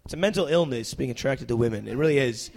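A young man doing stand-up comedy, then chatting as a talk show guest, rambling and interrupting himself with animated bursts. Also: mid-range voice, fast talker, slight background noise. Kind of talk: stand-up set then casual chat.

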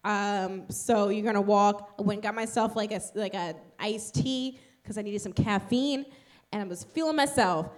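A woman's voice: medium pitch, normal speed. A woman co-hosting a podcast, telling stories in blunt, profane, sassy casual chat. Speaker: podcast co-host. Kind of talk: casual comedic storytelling.

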